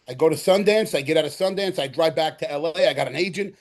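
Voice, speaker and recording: A middle-aged man from the Bronx with a New York accent, a guest actor telling animated stories in an interview, acting out quotes and repeating himself. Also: on the high side, fast talker. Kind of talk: storytelling interview.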